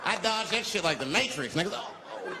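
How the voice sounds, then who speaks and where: A man performing a profane stand-up set, telling a story with animated delivery and shouted character voices. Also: sits high, fast talker, heavy background noise. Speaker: stand-up comedian. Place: large live comedy venue. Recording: live venue reverb, loud crowd laughter.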